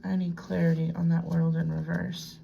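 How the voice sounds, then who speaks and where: A woman's voice: lowish voice, little pitch movement, normal speed, gravelly, highs cut off, a little hiss or hum. A woman doing a casual tarot reading at home, chatting to herself and dipping into whispers. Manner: chatty, self-talking, drifts into hushed whispers. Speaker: tarot reader. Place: home room with a piano desk.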